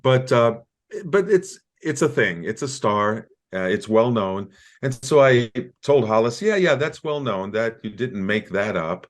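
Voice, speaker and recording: A man guest, the founder of a community group, recounting events in a relaxed, chatty way with small jokes, speaking from a bedroom at home. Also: on the low side, unhurried. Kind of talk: conversational recounting.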